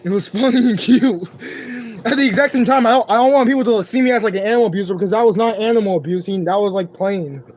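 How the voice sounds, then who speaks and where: A man's voice: sits high, fast, a little mellow. A young man live streaming from home on his phone, chatting to his cat in slangy, profane speech. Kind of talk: casual live stream chat.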